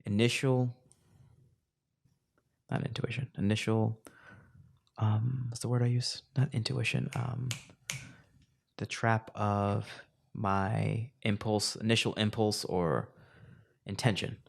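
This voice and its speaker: A man's voice: fairly low pitch, vocal fry. A man co-hosting a casual spiritual podcast chat, laid-back and playful. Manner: laid-back, playful, slips into excited put-on voices. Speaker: podcast co-host.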